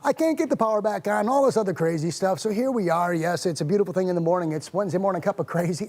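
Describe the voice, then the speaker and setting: A man hosting a wellness show, telling a story about his morning in a casual, animated and self-mocking way. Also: high-pitched.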